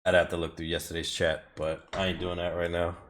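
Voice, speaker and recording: A man's voice: sits low, level tone, brisk, fairly bright tone. A man live-streaming racing time trials from home, chatting casually with his viewers, rambling and swearing often as he drives. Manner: rambling, swears often, talks back to chat. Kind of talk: casual live-stream chat while driving.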